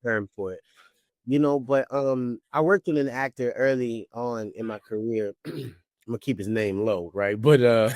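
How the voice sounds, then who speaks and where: A man's voice: mid-range voice, a little slow, a little mellow, dry recording, studio quality. A man in his thirties with a New Orleans accent, chatting casually as an interview guest, often adding "you know what I mean.". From New Orleans, Louisiana. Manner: laid-back storytelling, frequent "you know what I mean".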